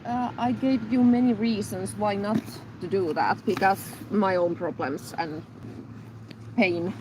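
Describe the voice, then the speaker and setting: A woman in a casual chat, softly supportive and mostly giving brief affirmations. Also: mid-range voice, steady tone, unhurried. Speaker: guest listener. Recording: noisy recording.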